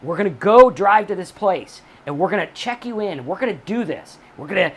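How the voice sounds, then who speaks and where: Bright, brisk, and high-pitched, an animated man hosts a recovery channel. Facing the camera, he hands out blunt, profanity-laced advice and keeps driving the same points home emphatically.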